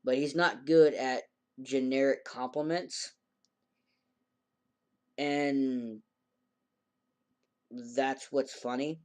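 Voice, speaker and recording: A man's voice: medium pitch, fairly even intonation, extremely slow, long pauses, a little mellow. A man casually recapping an anime episode in a rambling way, acting out the characters' lines in a raised voice. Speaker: anime reviewer.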